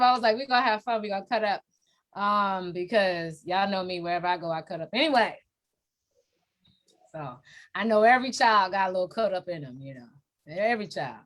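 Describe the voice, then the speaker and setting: A woman from New York with a New York accent, hosting a casual live-stream interview and cheering her guest on with playful, lively energy. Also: lowish voice. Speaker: host.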